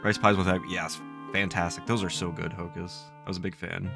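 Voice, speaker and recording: Male game streamer, casual and jokey, low and gravelly, faint game music. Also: brisk, a bit bright. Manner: jokey, laughs at his own bits. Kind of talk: casual live-stream commentary.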